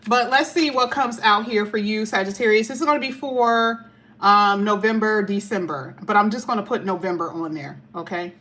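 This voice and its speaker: A woman reading tarot cards in a loose, chatty way, leaning hard on her points. She slows down and stretches the words she wants to stress. Her voice sits at a middle pitch. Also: a bit bright, slight background noise. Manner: chatty, emphatic, drawls key words. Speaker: tarot reader.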